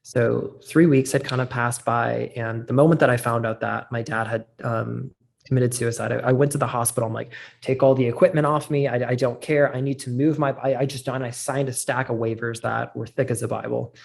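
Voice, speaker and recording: Gravelly-voiced man telling a personal story. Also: medium pitch, little pitch movement, a little fast. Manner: earnest, candid, with frequent "like" fillers. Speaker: podcast guest. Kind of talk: personal storytelling in a casual interview.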